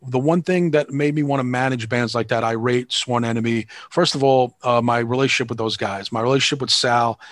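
A man's voice: medium pitch, steady tone, brisk, few pauses, a bit bright, no room sound, studio quality. A man, telling stories in a casual interview in a rambling, frank and profane way, acting out the people he quotes. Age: 50s. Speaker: band manager and promoter.

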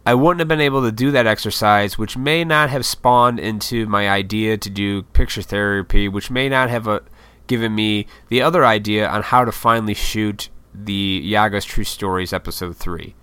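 A man's voice: fairly low pitch, normal speed, bright, forceful tone, clear, resonant tone, no room sound. A man in his thirties, a YouTuber, in a casual, rambling, profane vlog monologue. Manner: rambling, profane, laid-back, self-deprecating.

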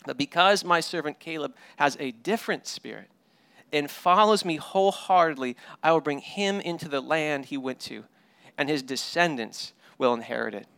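A man preaching a sermon as pastor, animated and storytelling, often repeating words as he restarts. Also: on the high side, moderate pace, vocal fry, clean tone, no room sound. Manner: animated storytelling with paraphrased dialogue; frequent word repeats and restarts.

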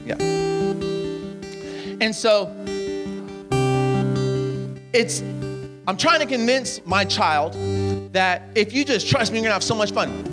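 A high-pitched man gives an animated, joking sermon at a camp, calling listeners up and teasing them between story beats. Clear music plays steadily behind his voice. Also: measured pace, long pauses. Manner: animated, joking, calls people up on stage. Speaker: camp speaker. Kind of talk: storytelling sermon with crowd banter. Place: camp gathering, live audience.

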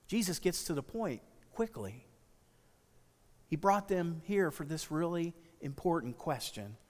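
A man preaching a sermon as pastor, earnest and emphatic, slowing down to stress key phrases. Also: high-pitched, in a large hall.

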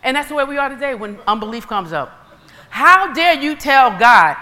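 Woman preacher, animated storyteller acting out dialogue, bright tone, long hall reverb. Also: high-pitched, normal speed. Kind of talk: sermon.

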